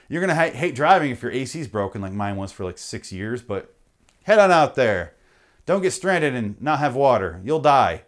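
A man's voice: medium pitch, big pitch swings, moderate pace. A man hosting a podcast, ranting comically with heavy swearing and frequent self-interruptions. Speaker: podcast host. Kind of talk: comedic rant.

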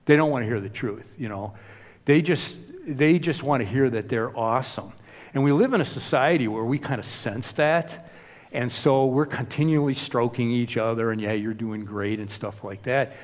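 A man's voice: medium pitch, normal speed. Conversational male preacher in a hall. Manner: conversational, frequent "you know" asides. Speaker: pastor. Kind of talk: sermon.

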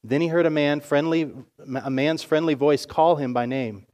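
A male pastor narrating a story in a sermon with expressive storytelling. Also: on the high side, moderate pace.

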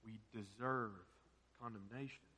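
A man's voice: lowish voice, steady tone, a little slow, sharp tone, husky, long reverb tail. A man preaching a sermon as pastor, earnest and full of rhetorical questions.

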